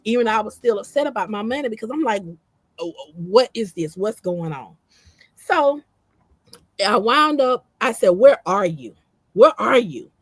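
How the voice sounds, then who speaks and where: A woman's voice: fairly high pitch, normal speed, dry recording. A woman recounting her own story in casual conversation, repeating phrases and quoting herself. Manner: animated, repeats phrases, quotes herself in dialogue.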